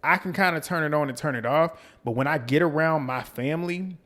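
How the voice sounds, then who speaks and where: A man's voice: a little high, a little fast. A man from the US South with a light North Carolina country twang, casually recapping and commenting on a reality show in a chatty, gossipy way. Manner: chatty, gossipy, quotes the cast in lively bursts.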